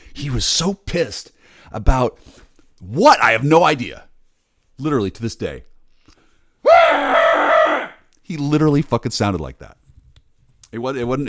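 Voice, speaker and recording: A man in his forties, rambling in a bitter, sardonic, heavily profane monologue, muttering low and then bursting out loud. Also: a little hiss or hum. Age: 40s. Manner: bitter, sardonic, swears a lot. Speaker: vlogger.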